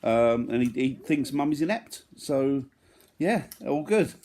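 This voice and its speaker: A man's voice: mid-range voice, animated, a little slow, dark tone. A man in his thirties chatting casually in a family vlog, rambling and joking at his own expense. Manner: rambling, joking, self-deprecating. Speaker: vlogger.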